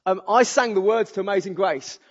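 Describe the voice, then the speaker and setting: A man preaching a sermon, exuberant and animated, telling humorous stories to a church audience. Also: high-pitched, brisk. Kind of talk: sermon with storytelling. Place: church auditorium. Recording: dull audio with long hall reverb.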